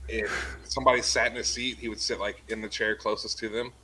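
A man's voice: lowish voice, flat delivery, fast, bright, forceful tone, slightly rough, low-quality recording. A man, a podcast guest, telling rambling stories about bartending in a casual chat. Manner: rambling, laughing storyteller full of "like" and "you know".

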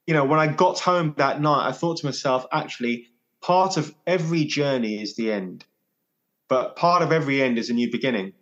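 A man in his forties telling a personal story as a podcast guest, reflective and halting, often repeating his phrases. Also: fairly high pitch, fairly bright tone, highs cut off. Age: 40s.

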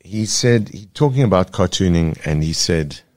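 A South African man, a cartoonist guest in a casual interview, speaking earnestly and pausing to search for words. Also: deep voice, expressive, a little mellow, no room sound, clean studio sound.

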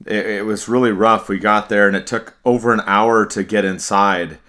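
A man hosting a casual sports podcast, speaking in a relaxed way with frequent restarts and repeated words. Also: lowish voice, normal speed. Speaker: podcast host.

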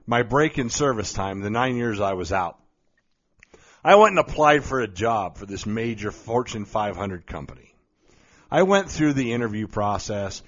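A man's voice: medium pitch, a bit bright. A man telling a story as a motivational speaker, blunt and emphatic, with some mild cursing. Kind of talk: storytelling monologue. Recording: slightly dull lo-fi recording.

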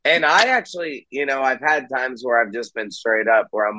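A man's voice: medium pitch, normal speed, few pauses, pushed and bright, low-quality recording. A young man, a musician who also hosts a podcast, talking candidly on a video call. He swears freely and acts out the people he quotes. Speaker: podcast host and band musician, guest here. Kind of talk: casual podcast chat.

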